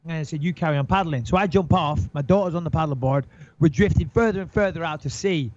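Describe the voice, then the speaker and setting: A middle-aged man telling an animated, swearing anecdote in casual chat, acting out his own panic. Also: on the high side, fast, background noise. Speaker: guest storyteller. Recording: dull lo-fi sound, dry.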